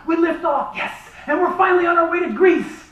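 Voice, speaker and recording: A man giving a humorous storytelling speech at a charity event, lively and animated. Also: extremely high pitch, a little fast, lo-fi sound. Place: event hall. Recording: echoey hall from far off.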